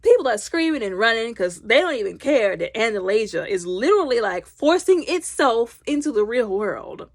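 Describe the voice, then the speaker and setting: A woman recapping a movie in a loud, chatty way, slipping into the characters' lines as she retells scenes. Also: fairly high pitch, very animated, moderate pace, few pauses, no room sound, clean studio sound. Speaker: movie reviewer.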